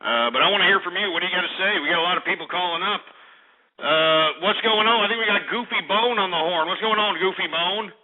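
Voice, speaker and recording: Male radio host, high voice, brash, mocking, tinny radio sound. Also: quick pace. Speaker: radio talk show host. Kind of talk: call-in radio talk.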